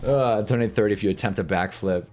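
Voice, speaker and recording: A young man live-streaming commentary on a football awards show, swearing and laughing as he swings from loud outbursts to low mumbles. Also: lively intonation, normal speed, faint music behind. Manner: profane, laughs often.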